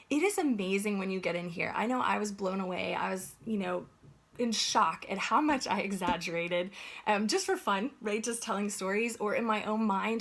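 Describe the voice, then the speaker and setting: A woman giving an earnest, conversational motivational talk as a life coach, often checking in with "right?". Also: medium pitch.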